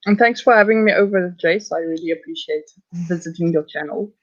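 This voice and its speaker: A man's voice: high voice, a little fast, fairly bright tone, dull audio. A man from South Africa, a writer speaking hesitantly during a casual livestream chat. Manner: hesitant, unsure. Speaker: writer, guest streamer.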